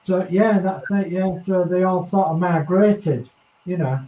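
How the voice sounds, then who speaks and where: A man chats casually and rambles, full of ums and you-knows. His voice sits a touch high. The recording is roomy and dull, with a lo-fi edge. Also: unhurried, far from the mic, a little hiss or hum. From East Yorkshire, England. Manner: chatty, rambling with many fillers. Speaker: host. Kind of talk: casual chat.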